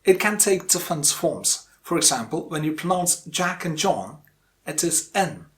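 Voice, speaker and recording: Man teaching English pronunciation, slightly high voice. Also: expressive. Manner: deliberate, repeats example phrases slowly for emphasis. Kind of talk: explanatory lesson.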